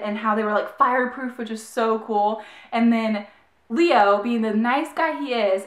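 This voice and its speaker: A young woman talks about a book she loves, gushing and tripping over her words with a steady stream of "like." Her voice sits a little high and rings around an echoey room. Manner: gushing, excited, heavy use of "like". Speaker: book reviewer. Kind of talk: casual book review.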